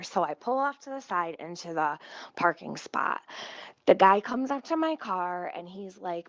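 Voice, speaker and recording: A woman telling a story in a fast, indignant, profane casual rant full of fillers. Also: on the low side, lively intonation, no room sound. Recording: dull, dry lo-fi sound.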